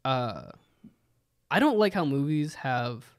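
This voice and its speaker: A young man co-hosting a podcast in casual chat, his voice hoarse from being sick, ranting in an animated way and swearing casually. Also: medium pitch, takes it slowly. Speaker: podcast co-host.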